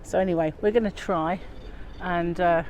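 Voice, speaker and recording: Her fairly low, darkish voice keeps a steady tone and normal pace as this English vlogger walks across a windy river bridge, holding her phone and slightly out of breath. She chats aimlessly with lots of fillers, and wind and passing planes are audible.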